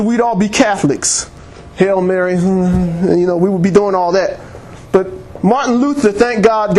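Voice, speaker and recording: High-voiced man preaching a sermon. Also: darkish tone. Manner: calls for amens, laughs often, reads scripture aloud. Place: church.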